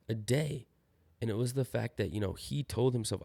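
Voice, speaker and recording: A man's voice: medium pitch, normal speed, creaky, mellow. A young man hosting a casual solo podcast, rambling and upbeat, sounding a little tired. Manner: rambling, loses his train of thought, upbeat about skateboarding. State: tired, yawning. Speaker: podcast host.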